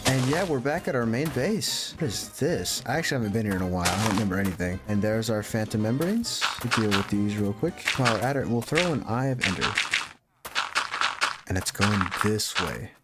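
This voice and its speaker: A man giving casual, excitable commentary to himself as he plays a video game. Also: lowish voice, fairly quick. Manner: chatty, excitable self-talk while playing. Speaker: gaming YouTuber. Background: background music.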